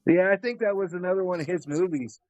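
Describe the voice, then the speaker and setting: Male co-host, high voice, casual, short reactive interjections. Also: quick pace, a little mellow, muffled recording. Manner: short reactions and follow-up questions. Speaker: podcast co-host. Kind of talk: casual chat.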